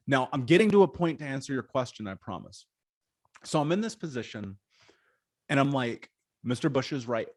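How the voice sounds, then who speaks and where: Animated man from Indiana telling stories. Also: mid-range voice, no room sound, clean studio sound. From Indiana, USA. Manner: animated, swearing, slangy storyteller. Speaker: guest. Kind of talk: storytelling interview.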